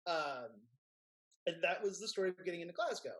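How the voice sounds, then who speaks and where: A man from Kentucky with a Kentucky accent, a filmmaker guest telling a story in a casual interview, lively and quick to act out what others said. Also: sits high. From Kentucky, USA. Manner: animated storyteller, acts out quotes in raised voices.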